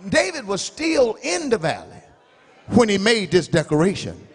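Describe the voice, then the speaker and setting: A middle-aged man preaching a revival sermon in a church, rising to shouted, half-sung climaxes. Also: high voice, wildly swooping pitch, normal speed, breathy edge. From United States. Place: large church sanctuary. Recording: church hall reverb.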